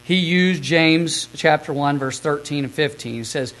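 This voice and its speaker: A man giving a sermon, reading scripture passages and then recounting a story in a quieter, quicker way. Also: on the high side, rough recording. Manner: reads scripture aloud, then retells stories in a soft, quick aside. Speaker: preacher recapping a sermon.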